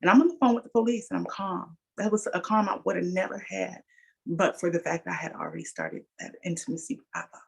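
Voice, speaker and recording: Husky middle-aged woman telling her testimony. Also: on the low side, sing-song, fast. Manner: earnest storytelling, addresses listeners as y'all. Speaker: guest speaker sharing testimony. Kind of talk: personal testimony on a livestream.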